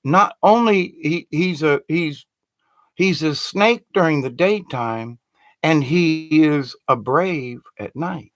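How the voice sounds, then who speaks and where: A man's voice: fairly high pitch, slow, no room sound. Male spiritual storyteller, conversational, dry close sound. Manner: animated, conversational storyteller with frequent restarts. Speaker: spiritual teacher. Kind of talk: spoken storytelling talk.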